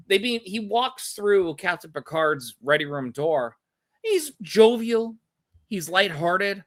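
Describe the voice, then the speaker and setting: A man's voice: high-pitched, expressive, measured pace, fairly bright tone. A man co-hosting a podcast, reflecting aloud on how he would have handled things. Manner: reflective, thinks aloud about what he would have done. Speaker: podcast co-host. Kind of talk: casual chat.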